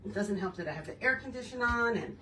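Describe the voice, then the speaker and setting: A woman's voice: medium pitch, lively intonation, quick pace, pushed and bright, distant mic, a little hiss or hum. A woman hosting a casual crafting tutorial, talking to herself and her viewers as she works with her hands. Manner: chatty, self-talking while working with her hands. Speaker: craft video host.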